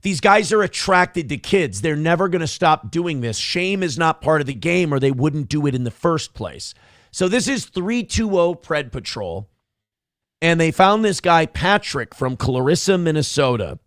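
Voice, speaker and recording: A man's voice: on the high side, big pitch swings, normal speed, fairly bright tone, dry recording, clean studio sound. A man hosting a show, giving blunt, profane, sarcastic commentary over a video clip. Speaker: show host.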